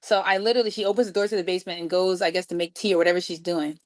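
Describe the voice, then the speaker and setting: A woman from New York City, a guest musician, telling a story with lively acted-out dialogue. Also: on the low side, rapid-fire. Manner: acts out quoted dialogue with lively voices. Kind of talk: animated storytelling.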